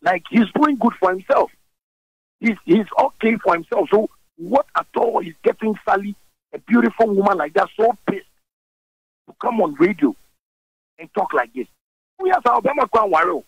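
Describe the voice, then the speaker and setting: A man with a Ghanaian English accent, a guest in a radio interview, talking in a forceful, animated way and switching languages mid-sentence. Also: high voice, normal speed, long pauses, husky, dry recording, poor audio.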